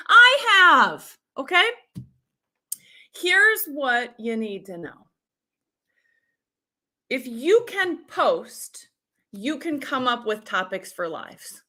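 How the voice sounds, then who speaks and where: Upbeat bright-voiced woman coach. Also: on the high side. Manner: upbeat, talks straight to viewers and reads out comments. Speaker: business coach. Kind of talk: live-streamed workshop training.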